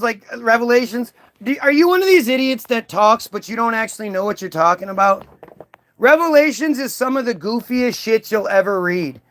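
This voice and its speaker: Male stand-up, very high pitch, foul-mouthed mocking rant. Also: bright, forceful tone. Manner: profane, mocking, acts out characters in silly voices. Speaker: comedian.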